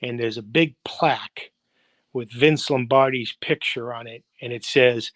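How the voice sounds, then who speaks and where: A septuagenarian US football coach, heard in a rough, room-free video call livestream recording, tells lengthy interview anecdotes. His medium-pitched voice is a bit bright. He rambles, leaning on fillers and performing the quotes he recounts.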